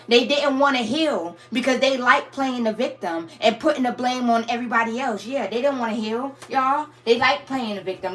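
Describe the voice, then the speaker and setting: A woman talks straight to her viewers in a casual spiritual reading, blunt and heavy on the profanity. Her voice sits a little high. Faint music plays under her. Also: fairly bright tone. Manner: blunt, profane, laughs often. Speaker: tarot reader.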